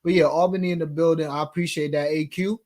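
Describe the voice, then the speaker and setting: A man's voice: a little high, fairly even intonation, fast, a little mellow. A man hosting a sports betting talk show, chatting casually in slang and reading viewer comments aloud.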